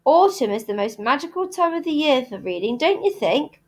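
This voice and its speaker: A woman reading aloud, voicing a chatty, dramatic, imaginative young girl with red pigtails who talks in flowery, theatrical rushes. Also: high voice, big pitch swings, pitched above the performer's own voice. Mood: gushing. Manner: flowery, theatrical, rushing talk.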